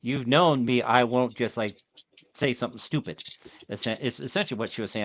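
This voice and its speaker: A man's voice: medium pitch, brisk, a little hiss or hum. A man hosting a casual podcast chat over a video call. He rambles and often restarts his sentences. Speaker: podcast host.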